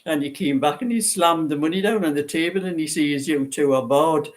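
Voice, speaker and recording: A woman's voice: deep voice, fairly quick. A woman in her seventies with a light Geordie accent, rambling and chatting as she hosts a live stream, often breaking into laughs. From Newcastle, northeast England. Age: 70s. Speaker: knitting channel host. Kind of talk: casual livestream chat.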